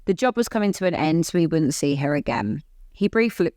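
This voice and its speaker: A woman's voice: low-pitched, very animated, fairly quick, a little mellow, no echo, clean studio sound. A woman co-hosting a casual podcast, chatty and giggly while reading out a listener's message. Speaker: podcast co-host.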